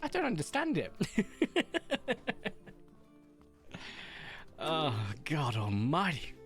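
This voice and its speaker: A man's voice: on the high side, huge pitch swings, drawn-out words, fairly bright tone, faint music behind. A young man from Somerset with a West Country accent, chatting casually and self-deprecatingly while streaming a game, his voice drifting between posh and broad. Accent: English West Country. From Somerset, England. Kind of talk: casual livestream chat.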